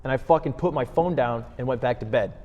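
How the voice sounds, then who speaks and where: A man's voice: mid-range voice, fairly quick, in a large hall, highs cut off. A man co-hosting a podcast in casual chat, joking and swearing as he tells stories. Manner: joking, profane, storytelling. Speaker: podcast co-host.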